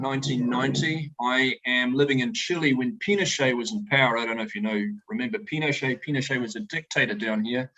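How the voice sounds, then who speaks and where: A middle-aged man, a winemaker, telling animated, joking stories to a tasting audience over a video call. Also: medium pitch, muffled recording. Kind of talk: storytelling talk to a tasting audience. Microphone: video call presentation.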